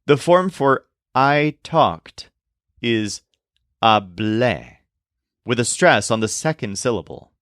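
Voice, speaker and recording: Narrating a recorded language lesson, a male teacher speaks with a lively, animated lilt, his pitch rising and falling. He explains slowly and deliberately, spelling words out letter by letter, in a dry, close recording with no room sound.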